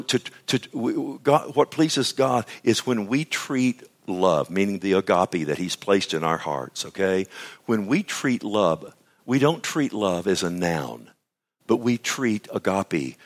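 A man preaching a sermon, swinging between loud, high bursts and low, hushed asides.

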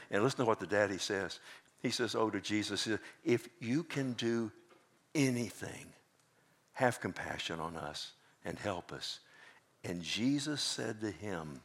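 A male pastor preaching a sermon, swinging between loud emphatic bursts and quiet asides, drawing answers from the congregation. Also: lowish voice. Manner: preaching with rising emphatic bursts and call-and-response.

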